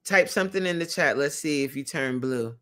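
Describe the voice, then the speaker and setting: A woman's voice: very deep voice, lively intonation, fairly quick, fairly bright tone. A woman hosting a casual livestream, chatty, laughing often and reading viewer comments aloud. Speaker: livestream host and creator coach.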